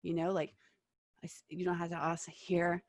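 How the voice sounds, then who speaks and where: Lively woman teaching an acting workshop. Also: fairly low pitch, normal speed, no echo. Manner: lively, animated, checks in with "okay?" and "yeah?". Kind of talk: online teaching talk.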